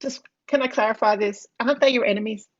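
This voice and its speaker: A woman's voice: a little high, fast, lo-fi sound. A woman playing a tabletop game, sceptical and questioning. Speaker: player. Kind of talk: casual tabletop play.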